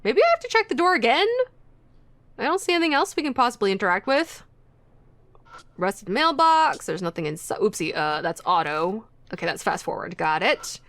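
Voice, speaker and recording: A woman's voice: a little high, sing-song, normal speed, fairly bright tone, dry recording. A woman streamer chatting casually as she plays through a game, thinking aloud.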